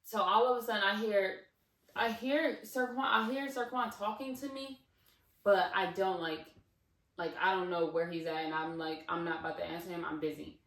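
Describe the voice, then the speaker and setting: A woman in her twenties telling a casual storytime on her channel, animated and digressive, with lots of fillers and asides. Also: mid-range voice, normal speed. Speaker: vlogger. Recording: roomy, slightly distant mic.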